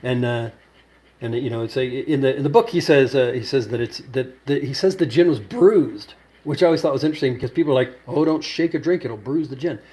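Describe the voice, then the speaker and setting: A man's voice: mid-range voice, fast, warm tone. A man hosting a cocktail show, telling a long, rambling story with many fillers and restarts. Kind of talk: casual storytelling to camera.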